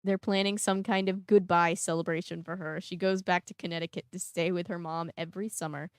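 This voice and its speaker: Woman host reading a novel aloud with casual commentary; smooth, slightly low voice. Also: little pitch movement, fairly quick, dry recording, studio quality. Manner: chatty asides, laughs at herself. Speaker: book reader and vlog host.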